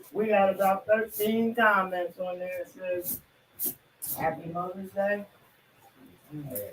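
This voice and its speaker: A man hosting a casual podcast, talking in a relaxed way with fillers and calling his listeners y'all. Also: high-pitched, slight background noise. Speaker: podcast host. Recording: echoey room, mic at a distance, faint music.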